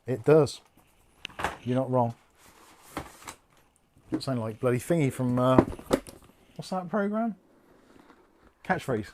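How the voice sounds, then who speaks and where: Male host, casual live-stream talk, lively pitch, swears and laughs at himself. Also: slow, pauses often, heavy background noise.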